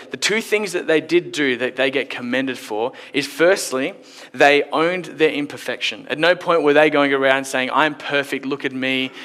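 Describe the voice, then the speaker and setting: A man's voice: a little high, a bit bright. A man preaching a sermon in church, in a conversational, playful storytelling way. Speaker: pastor.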